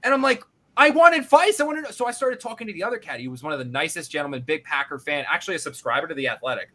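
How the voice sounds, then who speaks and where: Bright-voiced man telling a story. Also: a little high, rapid-fire. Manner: animated, profane, acts out his own reactions. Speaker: podcast host. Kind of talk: casual storytelling.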